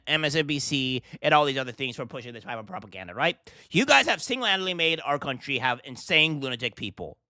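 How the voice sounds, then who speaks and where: A political commentary host rants indignantly in a reaction vlog, firing off rhetorical questions. His voice is a little high with a sharp tone, and the clean studio sound has no echo.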